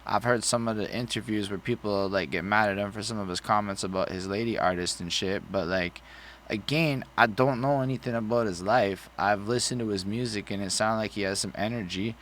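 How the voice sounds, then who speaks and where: Blunt, low-voiced man reviewing an album. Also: fairly even intonation, fairly quick, fairly bright tone, slight background noise. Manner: blunt, profane and rambling. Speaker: podcast co-host. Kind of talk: casual album review chat.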